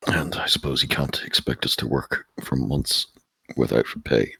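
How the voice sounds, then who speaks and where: A man playing a tabletop game, speaking in a measured, formal way when in character. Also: very deep voice, creaky, bright, forceful tone, breathy edge, no room sound. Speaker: player.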